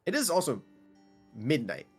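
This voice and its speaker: A man's voice: a little high, huge pitch swings, measured pace, husky, soft background music. A man narrating as game master in a tabletop role-playing game, laid-back and rambling.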